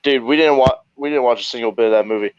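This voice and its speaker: A veteran spins a war story with loose, animated energy, laughing and swearing as he goes. His voice sits at an ordinary middle pitch. The recording is dull and lo-fi, dry with no room sound. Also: fast talker, clean tone, dry recording. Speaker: podcast guest, army veteran. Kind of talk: casual storytelling.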